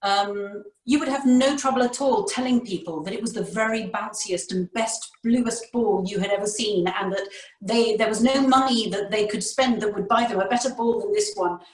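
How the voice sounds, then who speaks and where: A British woman with crisp RP speech talks things through in a reflective, wry way. Her voice sits at a middling pitch. It comes over a video call from a step back in a roomy space. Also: normal speed. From Britain. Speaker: audiobook narrator guest. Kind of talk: casual panel chat. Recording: roomy, distant mic.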